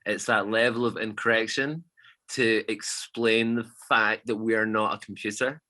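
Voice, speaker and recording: Lively male DJ, low and bright, chatty storyteller. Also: normal speed. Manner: animated, swearing storyteller. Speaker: DJ guest. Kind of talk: casual storytelling chat.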